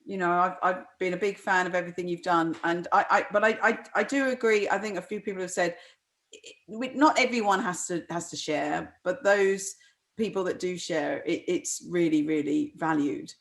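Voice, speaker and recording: A woman's voice: lowish voice, normal speed, vocal fry, a bit bright. A middle-aged woman author speaking at a book launch, hesitant, with frequent restarts and ums. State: close to tears. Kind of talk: conversational discussion.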